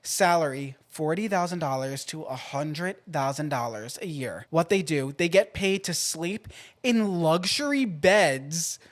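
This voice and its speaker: A man hosting a podcast in a casual, playful way, swinging between loud outbursts and quiet asides. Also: on the high side, lively intonation, measured pace. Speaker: podcast host.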